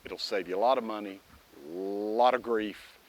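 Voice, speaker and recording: A man's voice: on the low side, moderate pace. A man and dog trainer giving a casual lesson, talking to his dog as he teaches. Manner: folksy, talks directly to his dog while teaching. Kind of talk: casual instructional video.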